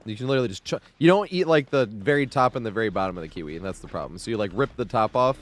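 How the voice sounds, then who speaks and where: A man's voice: on the low side, expressive, racing. Laid-back rambling male game streamer. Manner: rambling, laughs often, swears casually. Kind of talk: casual live-stream chat. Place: home streaming setup.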